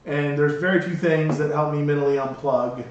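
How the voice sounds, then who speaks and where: A man's voice: fairly high pitch, steady tone, moderate pace, heavy reverb, distant mic, muffled recording, a little hiss or hum. A man co-hosting a podcast in casual chat, rambling with many restarts and frequent laughs. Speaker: podcast co-host.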